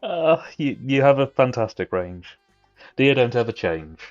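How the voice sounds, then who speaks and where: A man's voice: mid-range voice, sing-song, a little slow. A man co-hosting a casual live stream, bantering in a dry, wry way. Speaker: stream co-host. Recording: dull lo-fi stream audio with faint music.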